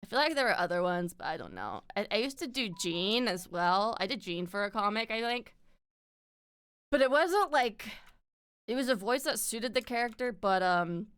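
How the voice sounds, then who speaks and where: Woman streamer just chatting, bright crisp voice, laughs a lot, swears casually. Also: medium pitch, very animated, moderate pace. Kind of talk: casual chat. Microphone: streaming mic with compressor.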